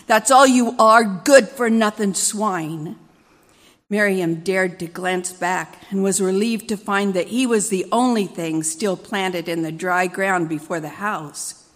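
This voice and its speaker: A woman reading a dramatic story aloud at a church service, measured and expressive. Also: lowish voice, long reverb tail.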